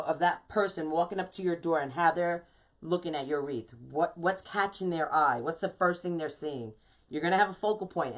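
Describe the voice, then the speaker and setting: New woman, lowish voice, chatty live craft teacher who greets viewers as she goes. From New York. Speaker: wreath designer teaching a live class. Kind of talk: casual live-stream craft tutorial.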